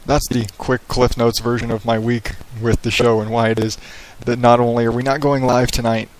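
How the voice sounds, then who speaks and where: A man's voice: mid-range voice, flat delivery, normal speed. A man hosting his own podcast in a casual, rambling and profane way, speaking in a radio-style voice into a headset mic in a small echoey home office with hardwood floors. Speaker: podcast host. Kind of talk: casual solo podcast monologue. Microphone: headset microphone.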